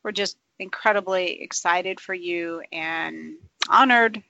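An interviewer for a cancer charity, asking questions in a warm, encouraging, congratulatory way. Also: medium pitch, slow pace, vocal fry, no room sound, muffled recording.

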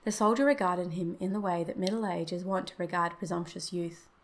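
A woman narrating a classic short story in a steady, measured storybook reading. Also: lowish voice.

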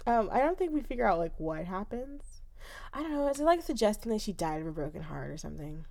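A woman's voice: mid-range voice, fast talker, gravelly. A woman co-hosting a casual chat, recapping a story with blunt remarks and frequent laughter. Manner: animated, laughs often, blunt.

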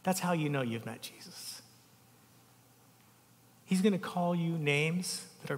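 Emotional pastor preaching in a reverberant hall. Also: male voice, a little high, animated, unhurried, long pauses. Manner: emotional, storytelling, speaks softly at tender moments. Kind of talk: sermon.

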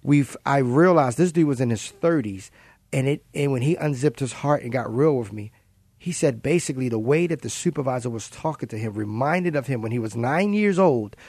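A man's voice: medium pitch, animated, normal speed, darkish tone, dry recording. A man co-hosting a casual faith-based podcast, telling stories in an earnest, conversational way. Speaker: co-host.

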